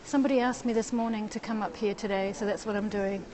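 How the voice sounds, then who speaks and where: Talking fast in a steady, darkish medium-pitched voice, this livestream host chats casually with viewers from a phone held in her hand. She moves from outdoors up a stone stairwell, and street and stairwell noise fill the background.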